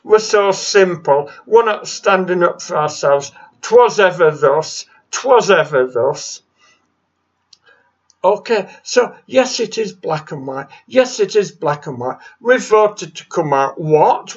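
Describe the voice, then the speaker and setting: A man's voice: fairly high pitch, sing-song, slow. A man delivering an impromptu solo rant, exasperated and mocking, swearing freely. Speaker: solo ranter. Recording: dull lo-fi sound.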